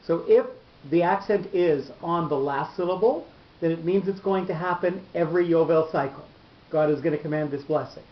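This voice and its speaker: A man's voice: a little high, normal speed. A man teaching a Torah lesson to a small class, explaining patiently and repeating key words. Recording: echoey room, dull lo-fi sound.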